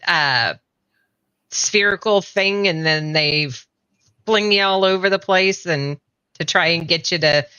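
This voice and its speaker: A woman's voice: on the low side, unhurried, pushed and bright, smooth, no room sound. A middle-aged woman hosting an interview, chatty and rambling as she asks her questions. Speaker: interview host. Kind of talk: conversational interview.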